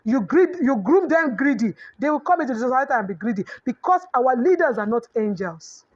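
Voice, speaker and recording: Nigerian woman, middle-aged, high voice, preachy parenting coach, dull lo-fi sound. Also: lively intonation, brisk, a little mellow. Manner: preachy, mixes in Yoruba proverbs. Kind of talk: motivational parenting talk. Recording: dull lo-fi audio.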